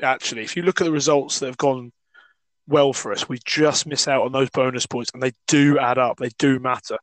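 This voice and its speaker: A man co-hosting a casual podcast, hoarse and croaky, talking in a chatty, matey way. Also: mid-range voice, steady tone, fairly quick, a bit bright, no echo, poor audio. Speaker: podcast co-host. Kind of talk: casual chat about rugby.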